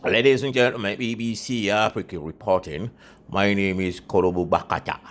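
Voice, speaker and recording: A man's voice: lowish voice, steady tone, moderate pace, pitched above the performer's own voice, close to an everyday voice. A man voicing a pompous male news reporter who makes formal on-air announcements. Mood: announcing.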